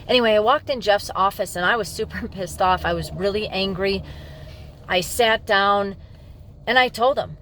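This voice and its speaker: A woman's voice: mid-range voice, normal speed, fairly bright tone, slight background noise. A middle-aged woman police officer candidly telling a personal story to the camera in an emphatic, frank way.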